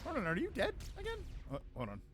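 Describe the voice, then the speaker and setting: A man's voice: very high voice, wildly swooping pitch, quick pace, heavy background noise. A man streaming gameplay live, chatting and joking with viewers while reacting aloud to the game.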